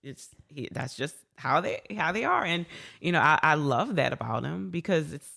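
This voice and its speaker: A woman in a casual interview chat, warm, laughing often and repeating words as she talks. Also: low voice, big pitch swings, normal speed, vocal fry. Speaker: guest.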